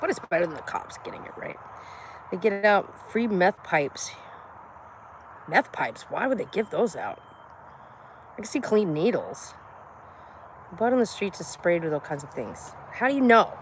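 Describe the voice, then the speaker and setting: A woman's voice: on the low side, sing-song, moderate pace, pauses often, slight background noise, poor audio. A middle-aged American woman chatting casually on a live stream, rambling and swearing freely as she talks. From United States. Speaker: vlogger.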